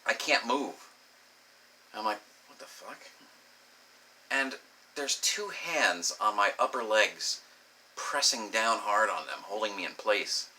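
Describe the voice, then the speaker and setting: Animated, bright-voiced man telling crude stories. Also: fairly low pitch, unhurried. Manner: animated, profane, acts out voices in quotes. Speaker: comedic storyteller. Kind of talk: crude comedic monologue.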